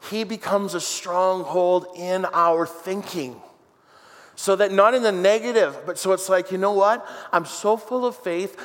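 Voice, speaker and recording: A man pastor preaching a sermon in an animated, jokey way that builds to shouted declarations. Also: sits high. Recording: long hall reverb.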